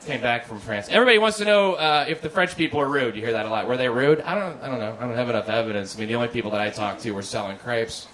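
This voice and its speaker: A man doing a stand-up routine in a comedy club, deadpan and halting, stammering over his restarts. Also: medium pitch, a little hiss or hum, poor audio. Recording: live club recording with audience laughter. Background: audience laughter.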